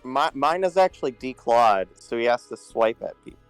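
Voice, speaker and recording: A man's voice: medium pitch, expressive, moderate pace, soft background music, low-quality recording. Man with dry jokes. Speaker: tabletop game player. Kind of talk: casual chat.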